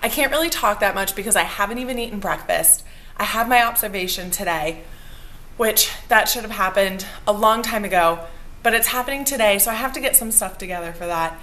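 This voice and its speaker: A woman's voice: mid-range voice, fairly quick, sharp tone, slight background noise. A young adult woman who is a teacher, talking casually to camera in a vlog, chatty and upbeat, sometimes worn out. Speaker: elementary school teacher.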